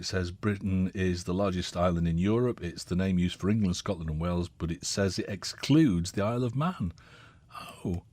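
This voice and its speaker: A man's voice: low-pitched, dry recording. A man hosting a radio phone-in, reading out listener texts and adding wry, dry asides. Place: radio studio.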